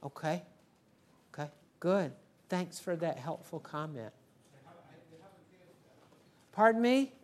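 A woman leading a Bible study, explaining a passage in an unhurried way and checking in with her listeners. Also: fairly low pitch, animated, darkish tone. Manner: unhurried, asks the group "okay?" often. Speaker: Bible teacher.

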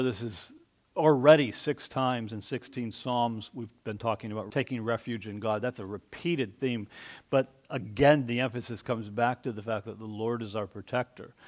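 Pastor guy preaching, chatty, gets loud on key words then drops quiet. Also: mid-range voice. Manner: conversational preaching, rising for emphasis then dropping soft. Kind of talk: sermon.

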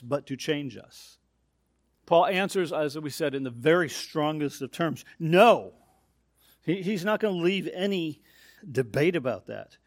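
A man's voice: a little high, no echo, clean studio sound. Emphatic man preaching verse by verse. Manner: emphatic, explains verse by verse with rising stress on key points. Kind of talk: expository sermon.

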